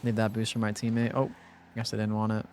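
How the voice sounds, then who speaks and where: A man's voice: lowish voice, fast talker, slight background noise. A young man streaming a game live, talking casually to his chat and teammate, muttering and then bursting into frustrated outbursts. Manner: swings between muttered calm and frustrated outbursts. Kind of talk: live gameplay streaming commentary.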